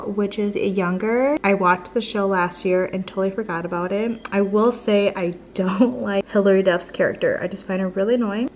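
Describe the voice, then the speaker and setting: A woman's voice: medium pitch, a little mellow, a little hiss or hum. A young adult woman chatting casually to camera at home as a lifestyle vlogger. She sounds upbeat and gushing and keeps dropping "like" into her sentences. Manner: chatty, peppered with "like" fillers. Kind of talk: casual vlog chat to camera.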